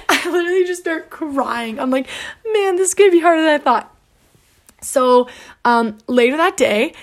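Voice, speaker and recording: Chatty young woman telling a story. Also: on the high side. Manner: chatty, peppered with "like", acts out quoted dialogue. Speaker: podcast host. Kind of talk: casual storytelling monologue.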